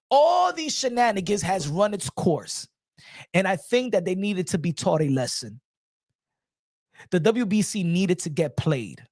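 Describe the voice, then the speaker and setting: A man's voice: high voice, unhurried, no room sound. Cast an emphatic male boxing host in dry close sound. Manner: animated, emphatic, opinionated. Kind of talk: casual livestream commentary.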